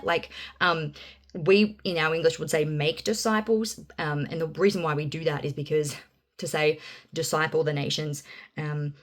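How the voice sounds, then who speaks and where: A woman explaining Bible Greek grammar in a casual, chatty teaching style, with lots of fillers and lively emphasis on key words. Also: lowish voice.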